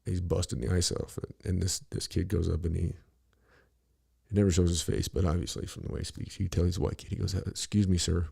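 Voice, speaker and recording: A man's voice: sits low, steady tone, fast, creaky, mellow, breathy edge. A middle-aged man talking bluntly and casually on a podcast, rambling and profane, with lots of "you know" between his thoughts.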